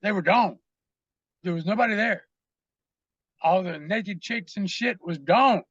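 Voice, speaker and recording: A man's voice: high voice, measured pace, fairly bright tone, no echo, dull audio. A man, a podcast guest, telling rambling, profane stories full of fillers in a casual interview.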